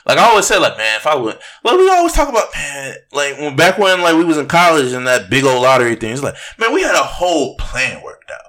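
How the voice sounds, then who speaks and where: Animated young man. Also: on the high side, quick pace, few pauses. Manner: animated, acts out quoted voices, swears casually. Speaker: podcast co-host. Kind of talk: casual chat.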